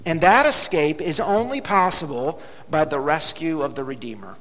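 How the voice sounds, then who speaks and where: High-voiced man preaching in a reverberant hall. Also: expressive, a bit bright. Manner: emphatic preaching, slows and drops low on key words. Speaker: pastor. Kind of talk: sermon.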